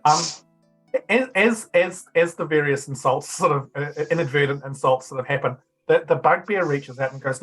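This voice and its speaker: A man's voice: a little high, a little fast, a bit bright, soft background music, rough recording. A man narrating as game master of a tabletop game, stopping and restarting often. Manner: hesitant, many fillers and restarts.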